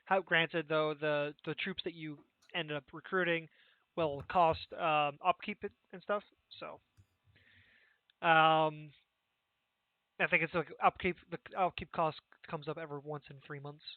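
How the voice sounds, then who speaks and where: Casual young male game master, slightly high voice, rambling with fillers, tinny voice-chat sound. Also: steady tone, measured pace, no room sound. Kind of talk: running a tabletop game over voice chat.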